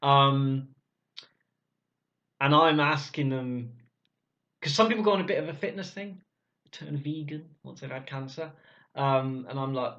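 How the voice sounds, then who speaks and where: A gruff man telling his own story bluntly, swearing freely in casual speech. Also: mid-range voice, unhurried, pauses often, a bit bright. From Cornwall, England. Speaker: vlogger. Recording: dull lo-fi sound.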